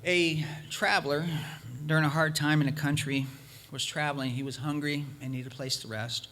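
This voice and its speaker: A man's voice: fairly high pitch, fairly even intonation, moderate pace, pushed and bright. A male preacher giving an emphatic sermon, hammering points by repetition and telling a folk story. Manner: emphatic, repeating points for force.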